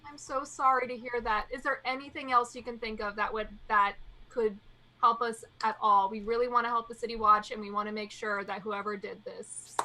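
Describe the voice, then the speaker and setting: A woman's voice: on the high side, flat delivery, a little fast, pushed and bright. A woman voicing a sweet, soothing female adventurer playing good cop with an overly polite customer-service tone.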